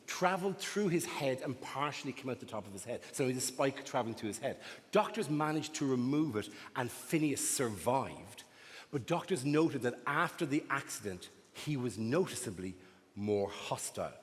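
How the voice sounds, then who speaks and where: A man from Ireland doing a stand-up comedy routine, storytelling in an animated way and acting out voices. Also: medium pitch, normal speed. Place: large theatre stage. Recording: echoey live venue with audience noise.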